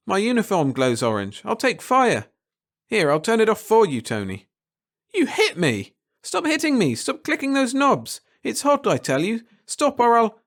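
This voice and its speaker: A man narrating a first-person short story aloud, expressive and swinging from hushed to excited. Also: high voice. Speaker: audiobook narrator.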